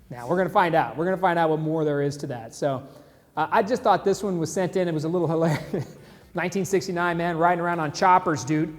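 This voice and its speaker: Casual, jokey male stream host; high voice, reverberant room. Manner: chatty, jokey, laughs at memes. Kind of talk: casual live-stream commentary. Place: San Antonio, Texas.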